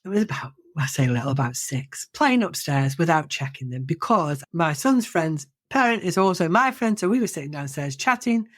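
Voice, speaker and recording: A middle-aged woman speaks in a fairly low register, sounding dry and close to the mic. She talks casually on a podcast. She tells stories animatedly and often restarts her sentences. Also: moderate pace, few pauses, no room sound. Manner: animated storytelling, many restarts and self-corrections. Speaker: podcast co-host.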